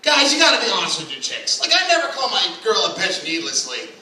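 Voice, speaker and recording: A man performing a crude, brash stand-up set at an open mic night, now and then shouting in put-on voices. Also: high-pitched, wildly swooping pitch, fast talker. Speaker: stand-up comedian. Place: small comedy club stage. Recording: echoey room, mic at a distance.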